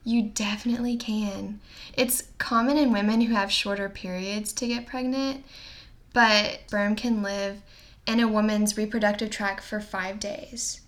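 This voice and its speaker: A woman's voice: medium pitch, steady tone, unhurried. A young woman co-hosting a podcast, chatting casually in a playful, joking and upbeat way. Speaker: podcast co-host. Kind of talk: casual chat.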